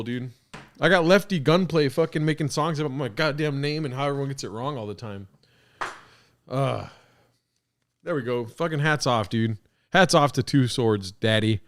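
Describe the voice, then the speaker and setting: A young man hosting a podcast, reacting to fan-made songs with excitable, profane joking. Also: fairly high pitch, clear, resonant tone. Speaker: podcast host.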